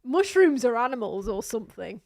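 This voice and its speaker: Young woman, streamer, casual reaction chat, high voice, laughs a lot. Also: sing-song, fairly quick, gravelly. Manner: laughs often, loud disgusted exclamations.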